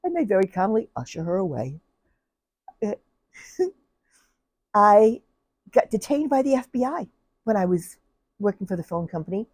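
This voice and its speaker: A retired telephone operator, an older woman, tells chatty stories about her work, laughing often and acting out the people she dealt with. Her medium-pitched voice is animated and darkish, moving at a measured pace with frequent pauses, in a dry recording.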